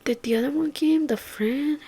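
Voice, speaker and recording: Casting note: young woman vlogger, chatty and profane, a little high-pitched, storytime delivery. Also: normal speed, dark tone. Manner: chatty, swears a lot, acts out quoted friends. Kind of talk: casual storytime chat.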